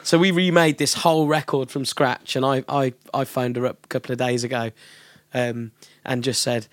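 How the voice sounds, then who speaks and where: A man's voice: medium pitch, normal speed, dry recording. A man who works as a recording studio engineer, telling stories in casual podcast chat and laughing often. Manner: animated storyteller, laughs often.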